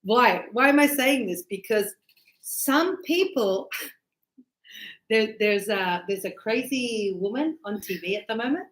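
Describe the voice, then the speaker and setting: A woman's voice: fairly high pitch, expressive, slow pace, roomy sound. A middle-aged woman teaching a grammar lesson to a class, acting out little scenes with voices as examples. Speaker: English teacher.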